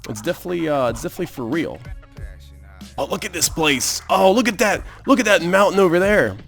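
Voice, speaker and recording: A man hosting a let's play, giving excitable gameplay commentary and exclaiming at what he sees on screen. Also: sits high, fairly quick, vocal fry, faint music behind.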